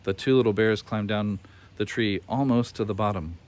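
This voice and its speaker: A man gently reading a children's storybook aloud as narrator. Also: on the low side, normal speed.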